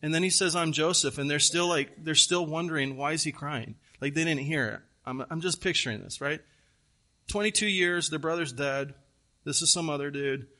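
A man preaching a sermon, retelling a scripture story with earnest, animated emphasis and repeated phrases. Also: fairly high pitch, moderate pace. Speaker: pastor.

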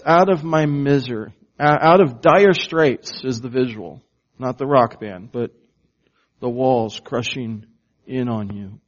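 A man preaching a sermon, slow and emphatic, asking the congregation questions and waiting for answers. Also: a little high, muffled recording. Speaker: pastor.

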